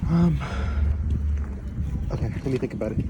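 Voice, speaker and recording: A man's voice: mid-range voice, moderate pace, muffled recording. A man vlogging at garage sales, chatting casually and haggling with sellers. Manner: friendly, bargaining, laughs easily. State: out of breath. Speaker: reseller vlogger. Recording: noisy outdoor street recording.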